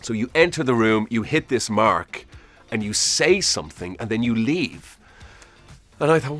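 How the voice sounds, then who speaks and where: A man's voice: medium pitch, brisk, fairly bright tone, soft background music. A man in his forties, an actor answering interview prompts in a chatty, self-deprecating way, laughing at himself as he rambles through memories.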